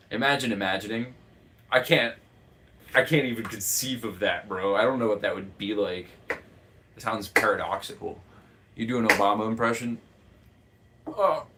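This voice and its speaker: A man's voice: medium pitch, fairly bright tone, slight background noise. A man from the United States who runs the chat on a live cooking stream, rambling and joking and laughing often. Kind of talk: casual livestream chat.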